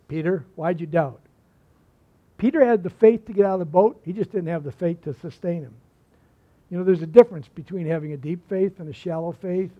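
High-voiced preaching man, dull recording. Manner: emphatic preaching, dropping to hushed lines. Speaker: pastor. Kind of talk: sermon.

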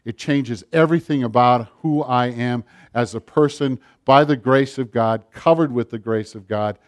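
A middle-aged man preaching a sermon, rising to loud passages and dropping to near-whispers. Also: mid-range voice, normal speed. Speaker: pastor.

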